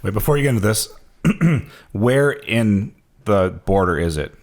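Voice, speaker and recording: Male co-host, lowish voice, casual and eager. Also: lively intonation, a little slow. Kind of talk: casual podcast chat.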